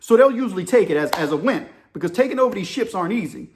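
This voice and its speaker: A man giving casual video commentary and telling stories, animated and addressing listeners directly. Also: sits high, fast, slight background noise. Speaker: commentator on current events.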